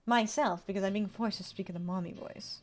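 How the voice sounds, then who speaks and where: A woman's voice: medium pitch, a little fast. A woman in her twenties chatting casually on a livestream, reading card text aloud and answering her chat. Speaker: streamer. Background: faint background music.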